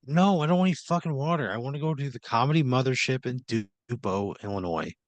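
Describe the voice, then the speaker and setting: A man's voice: mid-range voice, fast talker, no room sound, highs cut off. A man playing along in an improvised comedy podcast, answering bluntly and swearing a lot. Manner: blunt, swearing, exasperated replies.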